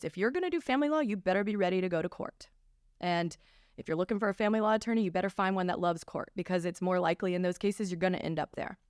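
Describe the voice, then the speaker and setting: A woman's voice: lowish voice, smooth, no echo, studio quality. A young woman, a family law attorney co-hosting a podcast, telling her story in a chatty, upbeat pep-talk way. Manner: chatty, upbeat pep-talker, animated retelling. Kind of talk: casual conversational storytelling.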